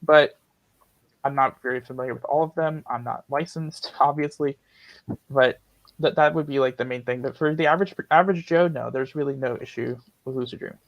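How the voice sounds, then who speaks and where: A man's voice: mid-range voice, fairly quick, lo-fi sound. A man hosting a casual live-stream Q&A, joking and often stumbling and repeating words as he talks. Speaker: host of lucid dreaming Q&A stream.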